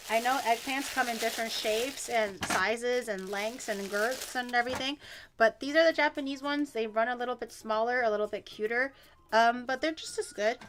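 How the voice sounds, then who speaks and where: A woman VTuber chatting casually while cooking on a livestream, animated and quick to laugh, swearing casually and poking fun at herself. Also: a little high. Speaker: VTuber streamer.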